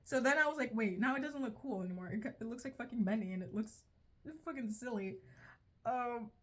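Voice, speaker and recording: With a fast, fairly bright voice on the high side, a young video creator reviews a show in casual, profane commentary. She rambles, often stopping mid-sentence and laughing at herself.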